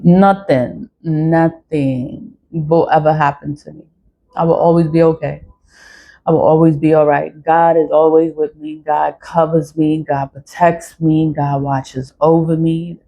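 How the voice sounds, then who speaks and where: A woman's voice: low-pitched, fairly even intonation, measured pace, dark tone. Profane, defiant woman venting to camera. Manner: blunt, profane, repeats phrases, defiant. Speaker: vlogger. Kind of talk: ranting monologue to camera.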